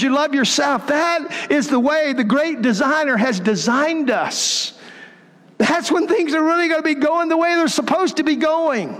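A high-voiced man preaching slowly and earnestly in a church. His words ring out with a long reverb from the large hall around him, and his delivery stays unhurried and measured. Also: fairly bright tone. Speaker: pastor. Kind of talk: sermon. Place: church sanctuary.

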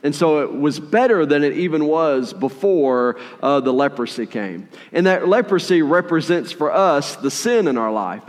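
A man preaching a sermon in a conversational, animated way, with playful asides while retelling a story. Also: fairly high pitch, big-room sound. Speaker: pastor.

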